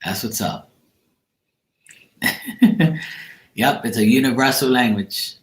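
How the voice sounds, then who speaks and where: A Bermudian man with a medium-pitched voice hosts a livestream, rambling slowly in slangy, profane casual chat. His Bermudian accent comes through in a reverberant recording.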